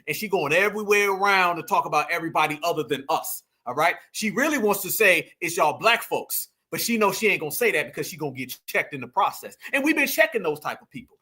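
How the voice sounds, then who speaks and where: Hosting a live stream where he reacts to clips, this man sounds high and bright, expressive and quick, with almost no pauses. Addressing his chat head-on, he leans into casual slang and emphatic delivery, hitting each clip with sharp rhetorical questions.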